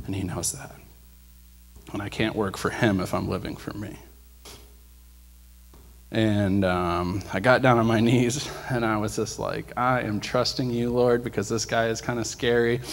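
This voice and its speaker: Low-voiced man preaching in a reverberant hall. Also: unhurried. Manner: excited storytelling, acts out dialogue. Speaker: guest speaker sharing a testimony. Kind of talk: sermon testimony. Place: church sanctuary. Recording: long church hall reverb.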